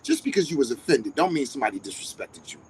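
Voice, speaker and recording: A man's voice: big pitch swings, fast talker, a little hiss or hum, poor audio. A man hosting a live stream, talking in a passionate, confrontational, profane way that never backs down. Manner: high-energy, passionate, profane; confrontational, emphatic. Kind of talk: heated casual monologue.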